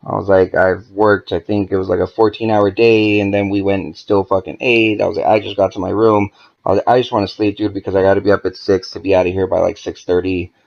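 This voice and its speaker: A man's voice: low voice, fast, creaky, highs cut off. A man, a podcast guest, telling a story in a casual, profane way and acting out the dialogue as he goes. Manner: profane, animated, acts out quoted dialogue.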